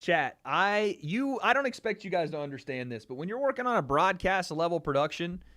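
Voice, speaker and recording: A streamer with a high, sing-song, brisk, somewhat bright voice hosts a casual livestream in a light Southern American accent. He talks animatedly and boastfully and swears freely.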